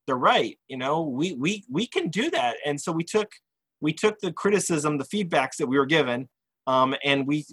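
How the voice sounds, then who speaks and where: A man, a game designer guest, talking earnestly in a casual interview with halting restarts. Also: fairly high pitch, fairly bright tone, husky, no room sound, poor audio.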